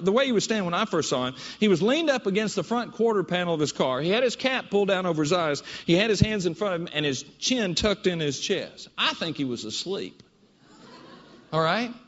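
A man giving a keynote talk, telling a story in an animated, conversational way. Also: high-pitched, a little hiss or hum. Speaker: keynote speaker. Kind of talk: storytelling presentation. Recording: dull audio in a reverberant hall.

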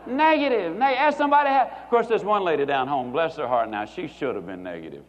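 A man giving a folksy, joking motivational speech to a live audience, slowing down for emphatic punchlines. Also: a little high, expressive, slight background noise. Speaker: motivational speaker. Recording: dull lo-fi recording, long hall reverb.

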